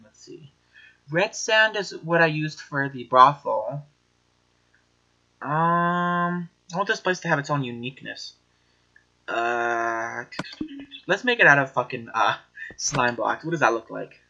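Excitable, swearing gameplay commentator man. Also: fairly high pitch, lo-fi sound. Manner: excitable, giggly and foul-mouthed. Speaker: gaming channel host.

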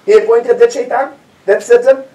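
A man's voice: very high voice, steady tone, normal speed, mellow. A man giving a storytelling sermon as lecturer, repeating phrases for emphasis and asking rhetorical questions. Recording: echoey hall, distant mic.

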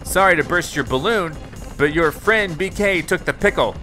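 A man's voice: a little high, moderate pace, pushed and bright. A man voicing a boastful, gloating male villain king who taunts the heroes, with game music behind. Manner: taunting, crowing.

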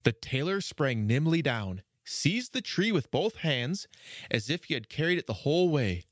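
A man narrating a fairy tale for a children's podcast, measured and expressive. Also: fairly high pitch, no echo, studio quality. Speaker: storyteller. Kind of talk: storybook narration.

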